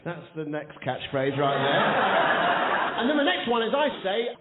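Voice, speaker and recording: A man's voice: fairly high pitch, big pitch swings. A man from the south of England hosting a live comedy chat show, firing off puns and joking with the audience. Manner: rapid-fire punning, playful, shouts to the crowd. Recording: echoey hall on a tinny, noisy radio recording.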